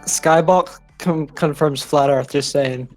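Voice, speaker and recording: A man's voice: on the high side, takes it slowly, faint music behind. A man making crude wisecracks during a casual stream chat.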